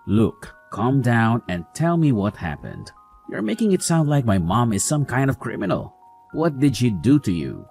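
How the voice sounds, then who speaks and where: A man's voice: medium pitch, huge pitch swings, moderate pace, gravelly, darkish tone. An actor playing a dismissive, mocking husband who defends his mother, over faint music.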